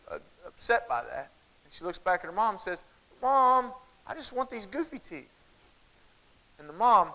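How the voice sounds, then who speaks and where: In a low-quality recording, a man with a high-sitting voice and a Southern American accent gives a comic keynote to a large conference. He is folksy and animated, and he speaks directly to the crowd.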